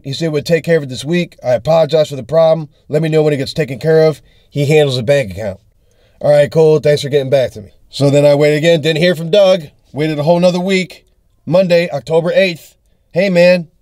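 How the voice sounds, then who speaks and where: A man's voice: on the high side, warm tone, dry recording, studio quality. A young adult man, a touring comedian, telling an angry, profane story in a video diary and acting out the texts and calls. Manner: angry, profane storytelling that acts out text exchanges.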